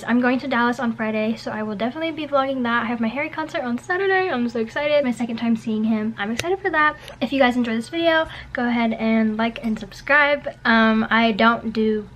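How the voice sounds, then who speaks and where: A woman's voice: on the high side, fairly quick, hardly any pauses, fairly bright tone, slight background noise, poor audio. Chatty young woman vlogging. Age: 20s. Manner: chatty, giggly, self-deprecating. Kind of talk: casual vlog chat.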